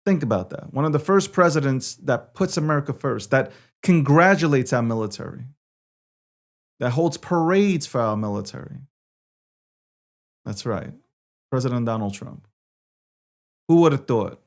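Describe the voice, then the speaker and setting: Emphatic New York-born political host. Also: male voice, medium pitch, lively intonation, moderate pace, pauses often. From New York City. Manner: emphatic, repetitive, swings loud and soft. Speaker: show host. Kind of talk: opinionated political commentary.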